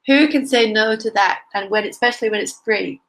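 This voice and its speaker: A woman with a mixed Scottish accent co-hosting a casual chat, talkative and quick to laugh. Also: medium pitch, fairly bright tone, low-quality recording. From England. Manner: chatty, laughs often, picks up other accents. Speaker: co-host.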